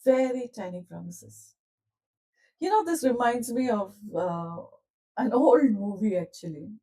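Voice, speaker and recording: A woman leading a live online coaching session, speaking gently and calmly and asking her listeners questions directly. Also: mid-range voice, measured pace, recorded from a distance, rough recording. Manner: gentle, calm, soothing delivery. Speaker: self-development coach.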